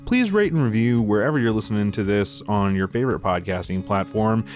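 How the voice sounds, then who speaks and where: A man's voice: fairly low pitch, fairly quick, darkish tone, faint music behind. A man hosting a comedy tabletop podcast, chatting loosely with the players and reading the outro. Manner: laid-back, swears and laughs. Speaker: podcast host. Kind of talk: casual chat and show outro.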